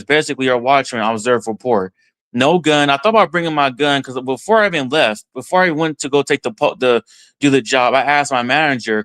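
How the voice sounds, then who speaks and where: A man from Texas, a podcast guest, telling a story in an excited first-person way and voicing his own thoughts along the way. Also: medium pitch, smooth, no echo. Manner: excited, retells events with quoted self-talk.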